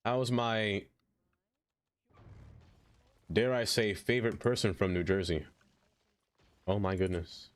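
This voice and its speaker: A man's voice: fairly low pitch, slow pace, long pauses. A young man from Brooklyn, rambling and joking as he reads chat on a casual gaming stream. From Brooklyn, New York.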